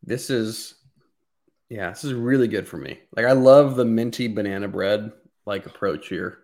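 A man co-hosting a whiskey podcast, eager and excitable while tasting. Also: fairly low pitch, moderate pace. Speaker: podcast co-host. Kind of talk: casual chat, whiskey tasting.

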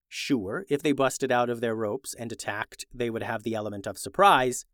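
A man narrating a children's adventure story in a lively, expressive way. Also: mid-range voice, dry recording, studio quality.

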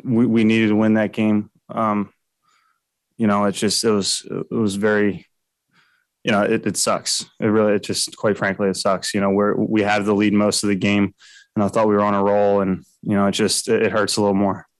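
Male pitcher at a postgame press scrum, blunt and halting, low flat voice. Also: no echo, poor audio. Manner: blunt, halting, many fillers. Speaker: baseball pitcher.

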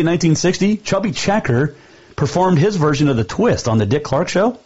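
A man's voice: lowish voice, a little mellow, breathy edge, dull audio. A man hosting a sports radio show, talking casually in a rambling way and reading out trivia. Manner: chatty, rambling, fond of trivia.

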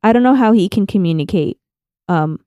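Animated woman recapping in casual chat. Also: mid-range voice, brisk, smooth, no echo, muffled recording. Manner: animated retelling with quoted lines. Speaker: podcast co-host.

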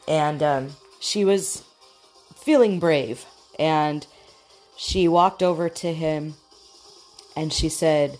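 A woman's voice: deep voice, slow pace, long pauses, darkish tone, soft background music. A woman hosting a talk show, chatting frankly and casually, acting out the lines she quotes. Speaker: podcast host.

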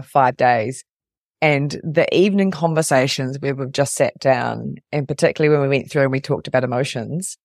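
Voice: medium pitch, gravelly, no room sound, clean studio sound. A podcast host and resilience coach talking earnestly and reflectively in a casual chat.

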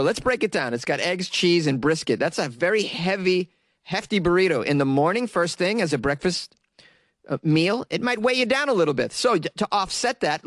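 A man's voice: sits high, a bit bright, no echo. A young man hosting a comedy show, stoned and giggly, riffing sarcastically on odd news stories. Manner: laid-back, giggly, sarcastic.

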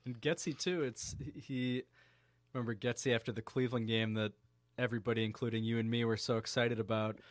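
Man, mid-pitched voice, wry, easygoing, sports banter, dry sound. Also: fairly even intonation, fairly quick, dry recording. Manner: wry, easygoing, apologetic asides. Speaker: podcast co-host. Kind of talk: casual sports chat.

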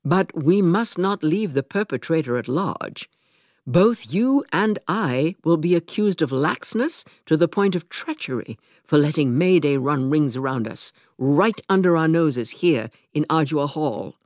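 A woman reading a smooth, menacing commander. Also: sits low, lively intonation, measured pace, a little mellow, no echo, studio quality, voice pushed up. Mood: coldly smooth.

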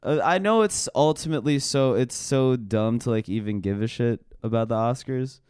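A man co-hosting a casual podcast, an excitable voice actor who rambles and restarts his sentences. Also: mid-range voice, normal speed, clean tone, no echo, clean studio sound. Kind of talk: casual chat.

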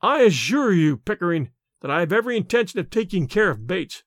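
A man's voice: high voice, very animated, brisk, no room sound, clean studio sound. A man voicing a jovial, shrewd old grandfather who speaks heartily with chuckles. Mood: amused.

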